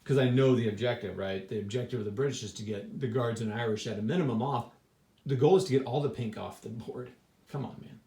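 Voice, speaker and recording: Speaking quickly in a mellow, mid-range voice, a man loosely reviews a board wargame he played. He rambles and restarts his sentences, dropping in many fillers as he thinks aloud. The room has noticeable echo.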